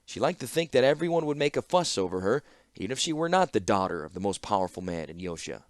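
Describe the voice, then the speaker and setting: A man narrating a fantasy audiobook with expressive storytelling. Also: fairly low pitch, fast, no echo, studio quality. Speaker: audiobook reader.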